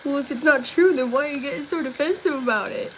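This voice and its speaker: A woman's voice: high voice, fast talker, slight background noise, low-quality recording. A young woman streaming casually, tired and giggling through her words as she chats. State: overtired. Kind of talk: casual livestream chat while drawing.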